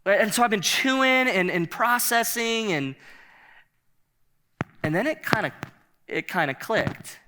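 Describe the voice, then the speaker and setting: A man preaching a sermon in a conversational, animated way, often laughing and repeating himself. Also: high-pitched, unhurried, pauses often. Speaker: pastor.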